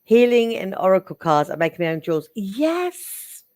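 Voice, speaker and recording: A woman giving psychic readings on a live stream, chatty and affectionate, getting excitable and calling viewers darling. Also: fairly low pitch, fast, clear, resonant tone, dry recording, studio quality. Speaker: psychic reader.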